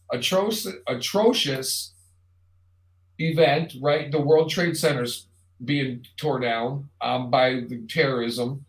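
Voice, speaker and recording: A man hosting a live online show, talking casually in a rambling, jokey monologue straight to the viewer. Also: on the high side. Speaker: show host. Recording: roomy echo.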